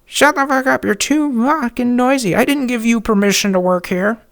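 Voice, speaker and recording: A man's voice: very high voice, normal speed, gravelly, fairly bright tone, dry recording, clean studio sound, pitched above the performer's own voice, exaggerated voice. A man voicing a furious, bossy heavyset woman neighbor who screams insults.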